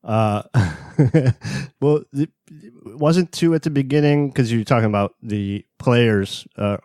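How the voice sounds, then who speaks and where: A man's voice: mid-range voice, slow pace, a little mellow, no room sound, studio quality. A man co-hosting a podcast in casual chat, laid-back, swearing now and then and acting out quotes. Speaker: podcast co-host.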